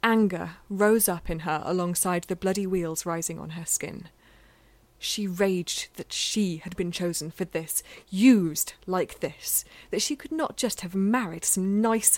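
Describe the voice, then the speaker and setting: A woman's voice: fairly low pitch, darkish tone, no room sound. Woman narrating fiction in a dry, close voice. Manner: measured, intimate reading that dips into near-whispers. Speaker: audiobook narrator.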